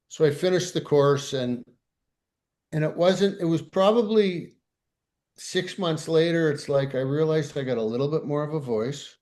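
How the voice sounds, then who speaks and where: A man's voice: a little high, moderate pace. A man co-hosting a podcast, telling a candid, self-deprecating story in casual conversation. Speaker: podcast co-host.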